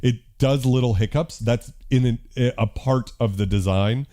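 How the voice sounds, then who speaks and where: Mellow-voiced man casually demoing synths. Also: mid-range voice, measured pace. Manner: loose, profane, self-deprecating, thinking aloud with fillers. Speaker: host demonstrating synthesizers. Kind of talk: casual live-stream demo.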